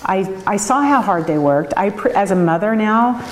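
Middle-aged woman, emotional and halting. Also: medium pitch, expressive, big-room sound, slight background noise, poor audio. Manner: emotional, chokes up, laughs often; halting, restarts sentences. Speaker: interviewee, winery owner. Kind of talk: oral history interview.

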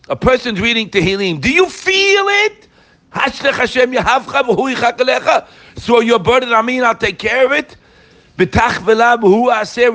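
Animated man giving a Torah lecture. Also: high-pitched. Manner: animated, rhetorical questions, quotes Hebrew verses. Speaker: Torah teacher.

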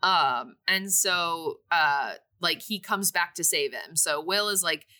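A woman co-hosting a podcast, casually recapping a movie's plot with lively quoted lines. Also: lowish voice, slow. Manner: animated retelling with quoted voices. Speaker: podcast co-host.

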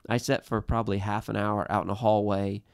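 A man in his thirties earnestly telling a personal family story, halting with frequent restarts. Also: lowish voice, little pitch movement, vocal fry, clear, resonant tone, no echo, clean studio sound. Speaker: guest. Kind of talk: personal storytelling in a podcast chat.

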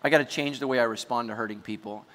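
A man preaching a sermon, telling a story with animated energy and sudden shouts. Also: medium pitch, fast, long reverb tail, slight background noise. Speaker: pastor.

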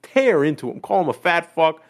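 A man co-hosting a casual podcast, retelling a film scene in a profane, excitable way. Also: fairly high pitch, normal speed. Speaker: podcast co-host.

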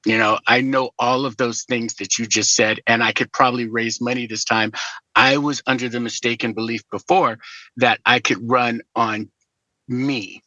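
A middle-aged man chatting as a podcast guest, an animated storyteller who jokes and laughs easily. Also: medium pitch, normal speed, no echo, highs cut off. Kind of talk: casual conversation.

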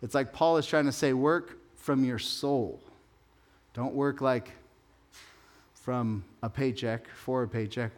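A middle-aged man preaches in a relaxed, chatty way. His voice sits at an ordinary pitch, and he drags out key words for emphasis as he speaks. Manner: conversational, emphatic, slows down to stress key phrases. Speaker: pastor. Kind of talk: sermon.

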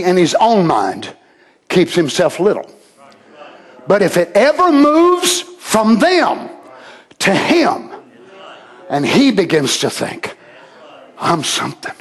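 A man preaching a sermon, swinging from shouted, drawn-out lines to low murmurs.

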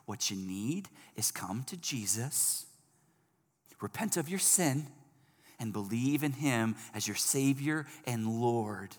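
A man's voice: medium pitch, slow. Preaching man in a reverberant hall. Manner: animated preaching, swings from loud emphasis to soft. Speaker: pastor. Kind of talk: sermon. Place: church service hall. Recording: long reverb of a large hall.

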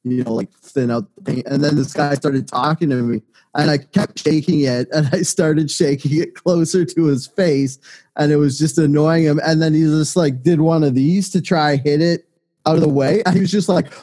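A man's voice: on the high side, fairly even intonation, normal speed, dark tone. A man co-hosting a casual podcast, telling crude, joking stories from his day. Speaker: podcast co-host.

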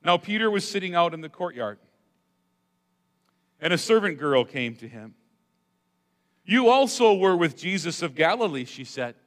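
A male pastor preaching a sermon, dramatic, swinging between loud emphatic lines and hushed asides. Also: sits high, very animated, normal speed, long pauses. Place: church sanctuary. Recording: long hall reverb.

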